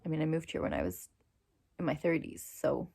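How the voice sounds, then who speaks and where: A woman's voice: low-pitched, very animated, a little fast, vocal fry, a little mellow, husky. A woman in her forties with an American accent, chatting casually in a vlog and laughing often. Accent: American, New Jersey. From United States. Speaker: vlogger.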